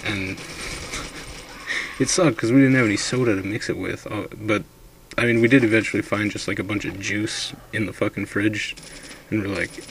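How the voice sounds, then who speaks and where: A man's voice: fairly low pitch, fairly even intonation, unhurried, noisy background. A man casually telling a drunken ghost story, rambling and swearing a lot.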